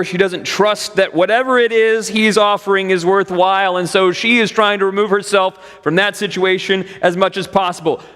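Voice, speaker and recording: A man's voice: sits high, fairly bright tone. A male preacher giving a sermon, retelling a story dramatically with repeated, building phrases. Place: church sanctuary. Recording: long church hall reverb.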